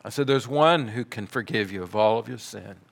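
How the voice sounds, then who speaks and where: A man preaching a sermon, telling a story in a measured way and dropping to soft, quiet passages. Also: fairly low pitch, gravelly. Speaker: pastor.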